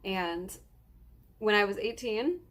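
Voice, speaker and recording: A woman's voice: mid-range voice, slow pace, a bit bright. Tearful nineteen-year-old woman vlogger. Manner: earnest, rambling, gushing with many ums. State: tearful, close to crying. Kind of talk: emotional personal vlog.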